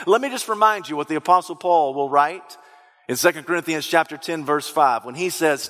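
A man's voice: fairly high pitch, brisk, a bit bright. A man preaching a sermon as pastor, emphatic and repetitive, sometimes rising into sung cadences, in a church sanctuary. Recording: long reverb in a large hall.

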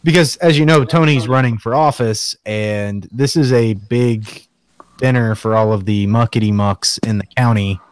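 A man's voice: on the low side, moderate pace, clear, resonant tone, no echo. A man hosting a casual podcast chat, teasing his co-hosts with dry humor. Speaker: podcast host.

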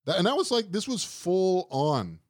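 A man's voice: high voice, very animated, moderate pace, dry recording, studio quality. A young man from New Orleans telling stories in a casual chat, wry and rambling, often laughing at his own tales.

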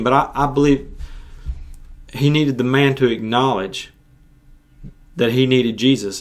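A male preacher who hosts a podcast, giving an earnest sermon and often restarting and repeating himself. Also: mid-range voice. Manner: earnest, repetitive, with frequent restarts.

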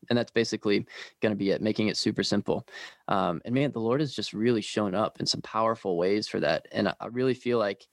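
A man from the leads a ministry team and tells its story in casual conversation. He talks quickly and earnestly, with many fillers. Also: on the low side, vocal fry, no echo, clean studio sound.

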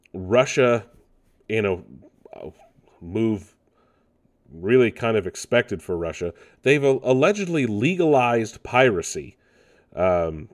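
Deep-voiced male podcast host, rambling and casual, lots of filler words. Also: a little mellow. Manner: loose, rambling delivery full of ums and restarts. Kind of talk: casual gaming news podcast.

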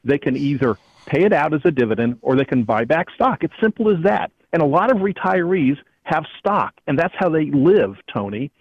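A male economist on a radio call, his voice husky and a bit high. He talks in an emphatic, indignant way, pressing his points hard. The sound comes through a muffled lo-fi line with a dry, close feel. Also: very animated, moderate pace, no room sound. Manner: emphatic, indignant, repeats the host's name. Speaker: economist guest. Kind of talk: radio interview. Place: airport, calling in while traveling.

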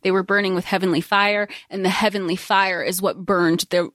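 A woman with a mid-range voice, chatting about a novel in an animated, rambling way. She slips into the characters' voices as she goes. The recording is dry and close. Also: mid-range voice, brisk, dry recording. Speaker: podcast co-host. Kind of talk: casual book recap chat.

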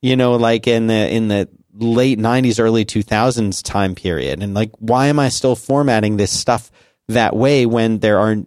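A man's voice: fairly low pitch, moderate pace, darkish tone, no echo, studio quality. A man in his forties chatting casually on a podcast, rambling with many restarts and fillers. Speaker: podcast co-host. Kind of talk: casual conversational chat.

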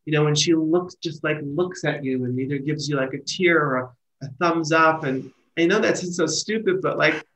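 A middle-aged man, a wedding planner and guest, telling stories in casual conversation with lively restarts and trailing phrases. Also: a little high, normal speed, a little hiss or hum, rough recording. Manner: animated storyteller, trailing restarts.

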